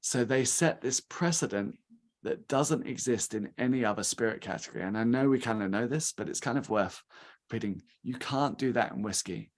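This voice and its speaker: A man's voice: mid-range voice, moderate pace. A man in his thirties from England, talking casually at a rum tasting and acting out quoted reactions. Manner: chatty, animated, acts out quoted reactions. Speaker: guest speaker from a rum company.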